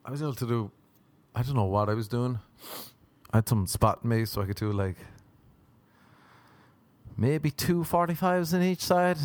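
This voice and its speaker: A man's voice: medium pitch, a little mellow, dry recording. A man hosting a solo podcast, rambling and swearing cheerfully and mocking himself, with bursts of nonsense sing-song. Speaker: podcast host. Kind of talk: casual solo podcast monologue.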